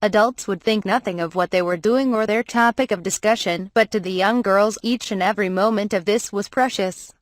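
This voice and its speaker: A woman narrating a light novel audiobook, reading the story and its dialogue in an even, measured way. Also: medium pitch, dry recording, clean studio sound. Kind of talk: scripted narration with character dialogue.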